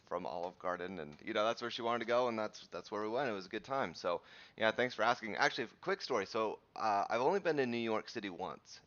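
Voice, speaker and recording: A man in his thirties hosts a live morning stream, talking to viewers in a loose, rambling way full of restarts. His voice sits low but sounds bright and forward. The audio is dull and lo-fi, like a stream mic. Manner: chatty, rambling, frequent restarts and fillers. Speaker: host of a live crypto chart show. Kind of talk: casual live-stream chat and chart teaching.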